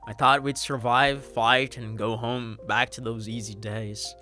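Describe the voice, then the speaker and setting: A man reading out a brooding, guilt-ridden young male student's game dialogue in a quiet, subdued way. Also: mid-range voice, level tone, measured pace, soft background music. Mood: somber.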